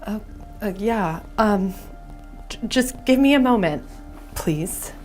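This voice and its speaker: A woman's voice: medium pitch, lively intonation, takes it slowly, a little mellow, faint music behind. A woman playing a nervous shop clerk who stammers and hesitates under pressure. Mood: flustered. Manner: flustered, hesitant.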